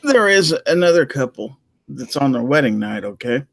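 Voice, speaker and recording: A man of middle pitch tells a rambling joke in folksy, homespun fashion, checking in with his listeners as he goes. His voice is recorded close and dry. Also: big pitch swings, normal speed, no room sound. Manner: folksy storyteller, peppering lines with "okay?". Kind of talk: casual joke-telling chat.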